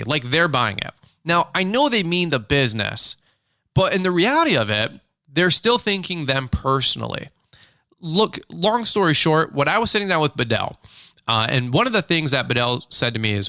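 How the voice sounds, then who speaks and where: A man hosting a casual business podcast from a small makeshift studio, talking in an animated, rambling way with many fillers and restarts. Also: a little high, brisk, no room sound. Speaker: podcast host, lawn care business owner. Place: small makeshift home studio with a hard wood table.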